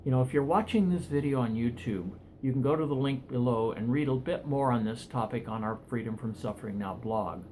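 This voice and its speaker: A man's voice: mid-range voice, fairly quick, hardly any pauses, a little mellow, a little hiss or hum. Earnest man telling a parable. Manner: earnest, conversational storyteller. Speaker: pain management counselor and author. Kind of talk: storytelling talk.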